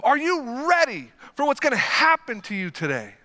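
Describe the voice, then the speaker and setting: A young man preaching a sermon, telling a story with energy and swinging from quiet asides to loud excited bursts. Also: very high voice, moderate pace, in a large hall. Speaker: pastor.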